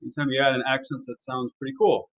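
A man's voice: mid-range voice, fast, husky, faint music behind. Man teaching violin over a dull webinar. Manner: relaxed, explanatory, with fillers. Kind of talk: live online music lesson.

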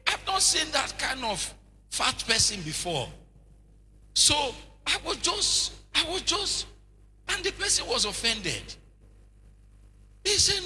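A man preaches in an animated, joking manner and keeps firing rhetorical questions. His voice is notably high and very bright and cutting, with faint noise underneath. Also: slow pace, pauses often. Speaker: bishop, preacher. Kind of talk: sermon.

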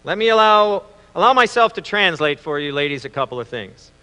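A man preaching a Father's Day sermon, telling stories with reflective pauses. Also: a little high, lively intonation, bright, forceful tone, smooth. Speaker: pastor. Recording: long reverb in a large hall.

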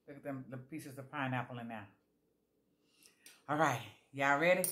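A woman's voice: extremely low pitch, moderate pace, long pauses, a bit bright. A woman food vlogger tasting jellies on camera, chatting casually to her viewers with savoring murmurs between bites.

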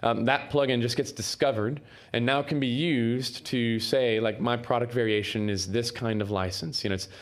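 A man's voice: mid-range voice, steady tone, normal speed, hardly any pauses. A man giving a technical conference talk in a casual way, with many fillers and restarts. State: coughing, throat irritation. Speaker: conference speaker. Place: conference room.

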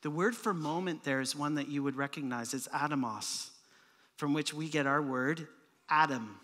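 Bright, lively-voiced pastor in a church hall. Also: male voice, fairly high pitch. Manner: casual, joking preacher with quick asides and playful sound effects. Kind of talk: sermon. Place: church sanctuary.

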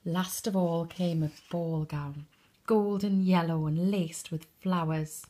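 A woman reading a bedtime story for toddlers in a soft, expressive way, sometimes dropping to a whisper. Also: lowish voice, takes it slowly.

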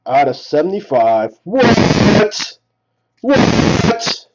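A man hosts a live card break, slowly calling out each card he pulls and lifting his voice at the good ones. His pitch swings widely, with a fairly high voice. The stream audio sounds dull and lo-fi. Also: loud music behind the voice. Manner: rattles off names, excited at big hits. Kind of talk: live card-opening commentary.

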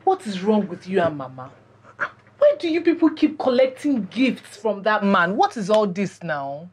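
A woman's voice: medium pitch, very animated, moderate pace, close to an everyday voice. An actress playing a young Nigerian woman who pleads with her father. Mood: pleading.

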